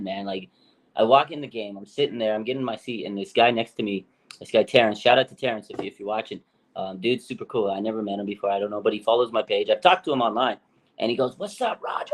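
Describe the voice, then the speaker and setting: A man in a middle register tells sports stories with lively enthusiasm. He acts out the people in his stories and heaps praise on the players. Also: medium pitch. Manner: animated storyteller, hyped praise. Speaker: podcast co-host. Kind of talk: casual sports talk.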